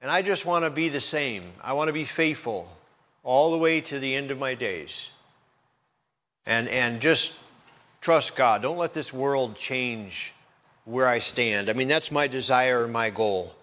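A man's voice: medium pitch, unhurried, a bit bright. A middle-aged man preaching a conversational sermon as pastor, repeating key phrases and laughing lightly.

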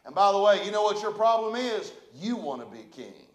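High-voiced preacher in an echoey church. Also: male voice, very animated, brisk. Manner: preaching, builds from quiet to loud passionate calls. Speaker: pastor. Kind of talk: sermon. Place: church sanctuary.

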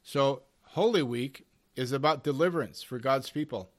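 A man's voice: medium pitch, moderate pace. A man preaching a Bible lesson, emphatic, with rising and falling intensity and strings of rhetorical questions, addressing his listeners as beloved. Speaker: Bible teacher.

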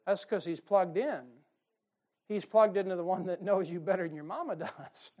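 A man preaching a folksy, emphatic sermon, with sudden loud bursts and mocking quotes. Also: sits high, normal speed. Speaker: pastor. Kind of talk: fiery sermon.

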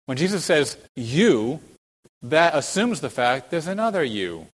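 A man's voice: on the high side, big pitch swings, fairly bright tone, long reverb tail, poor audio. A man preaching an expository sermon, stressing key words emphatically and posing rhetorical questions. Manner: emphatic, rhetorical questions, slow deliberate phrasing with sudden stresses.

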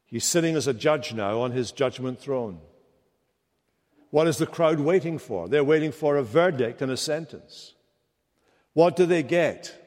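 A man's voice: mid-range voice, expressive, measured pace, darkish tone. Man preaching in a reverberant church. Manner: dramatic, rising to impassioned rhetorical questions. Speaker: pastor. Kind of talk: sermon. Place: church sanctuary.

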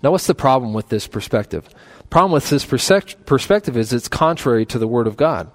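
A man preaching a sermon, building to loud, emphatic peaks, then dropping low, repeating lists and restarting words mid-phrase. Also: animated, fairly quick.

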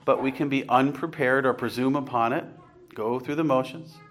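A man's voice: medium pitch, steady tone, moderate pace, fairly bright tone. A man preaching an earnest, conversational sermon, rising to emphatic points and putting questions to his congregation. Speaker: pastor.

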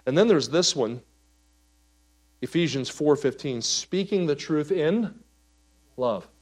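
Speaking slowly in a fairly high pitch, this male pastor preaches a sermon full of stories. His delivery alternates between soft, hushed passages and loud, lively ones.

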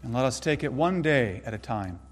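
A man preaching a sermon, earnest and emphatic, slowing down to stress key phrases. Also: medium pitch, animated, big-room sound. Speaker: pastor.

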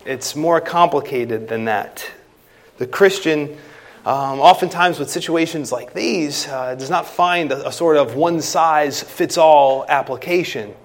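Quoting from scripture, a medium-pitched male preacher delivers an expository sermon. His loud, forceful emphases keep giving way to phrases that fade off softly.

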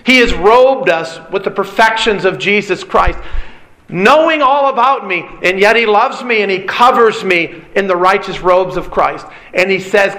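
Bright-voiced earnest man preaching. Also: high voice, rough recording. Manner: earnest, emphatic preaching with pauses and repetition. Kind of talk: sermon.

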